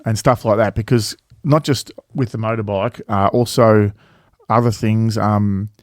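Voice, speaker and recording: A man's voice: on the low side, fairly even intonation, measured pace, darkish tone, dry recording, studio quality. Rambling, swearing man in casual chat. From Australia. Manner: rambling, swears freely, many fillers and restarts. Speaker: travel vlog co-host.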